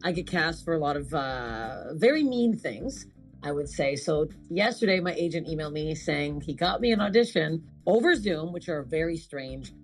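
Animated, laughing woman comic telling stories. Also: low-pitched, normal speed, faint music behind. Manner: animated storyteller, swears, laughs often. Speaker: comedic actress, guest. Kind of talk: casual chat.

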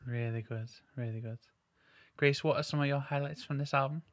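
A man's voice: medium pitch, fairly even intonation, brisk, no echo. A man hosting a podcast, chatting casually and enthusiastically, rambling with lots of filler words. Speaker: podcast host. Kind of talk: casual chat.

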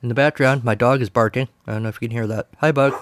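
A man's voice: mid-range voice, steady tone, quick pace, dry recording. A man hosting a podcast, talking casually in a wry, sarcastic way. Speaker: podcast host. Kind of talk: casual solo commentary.

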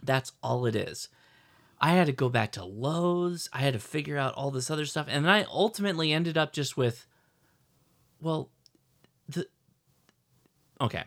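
A middle-aged man co-hosting a podcast, telling a rambling, animated story with lots of restarts. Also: fairly high pitch, moderate pace, pauses often. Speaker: podcast co-host. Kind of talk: casual chat.

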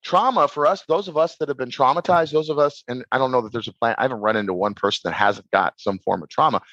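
A man talks about inner work as a podcast guest, looping back over his words and restarting his sentences. He has a middle-pitched voice. The recording is dry and a little dull. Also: fast talker, no echo. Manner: rambling, repeats words and restarts, animated. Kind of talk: casual podcast conversation.

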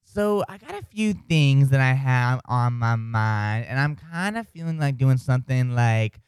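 A man's voice: medium pitch, lively intonation, unhurried, clear, resonant tone, no echo, studio quality. A man hosting a morning radio show, upbeat and chatty, with stammered restarts.

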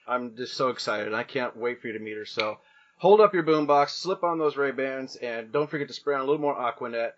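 A man's voice: medium pitch, a bit bright, dull audio. A man in his thirties hosting a podcast, introducing his guest in an enthusiastic, chatty way and joking about his own age. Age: 30s. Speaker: podcast host.

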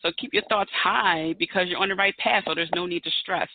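A woman's voice: on the low side, brisk, dry recording. Woman, 30s, podcast host, chatty, emphatic, phone-like sound, dry. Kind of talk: solo podcast talk. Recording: tinny phone-like dry audio.

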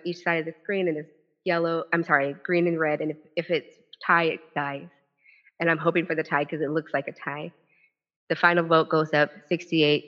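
Speaking from the podium at a live event, this woman, a former legislator who is also an author, shares a story from her own life. Her voice sits low, and her delivery is lively, full of quick restarts and quoted lines. The audio is a dull, lo-fi event recording.

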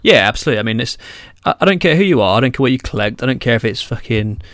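A man's voice: medium pitch, lively intonation, rapid-fire, a bit bright, no echo. Rambling British man, dry close sound. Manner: rambling, filler-heavy, banters and swears. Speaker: podcast co-host. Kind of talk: casual chat.

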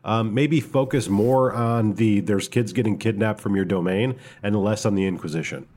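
A man's voice: on the low side, moderate pace, a little mellow. Rambling, hesitant male podcast host. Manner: rambling, hesitant, many fillers. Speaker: podcast co-host reviewing a game book. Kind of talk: casual chat.

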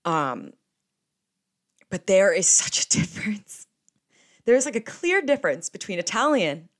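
A young woman, hosting a podcast in a rambling, casual chat full of swearing. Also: fairly low pitch. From New Jersey. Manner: chatty and rambling, with frequent swearing. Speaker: podcast host.

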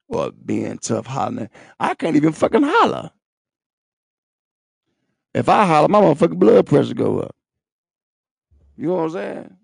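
A young man rambles through his own podcast in a heavily gravelly, fry-laden voice. His talk is profane and streetwise, full of swagger and boasts. The sound is dry and close, with almost no room around it. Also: mid-range voice, no room sound. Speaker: podcast host. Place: at home, seated in a wheelchair.

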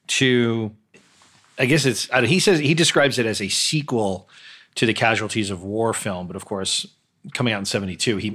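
A man's voice: medium pitch, a bit bright. A man hosting a podcast, talking through films in a blunt, opinionated, conversational way with frequent hesitations. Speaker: podcast host. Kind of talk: casual solo film commentary.

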